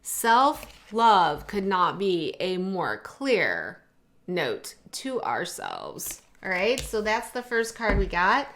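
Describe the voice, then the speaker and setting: A middle-aged woman talks through an oracle card reading in a relaxed, chatty way. She reads passages aloud from a guidebook and breaks off into heartfelt personal asides. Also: medium pitch, slow pace, a little hiss or hum. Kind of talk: casual tarot-style reading to camera.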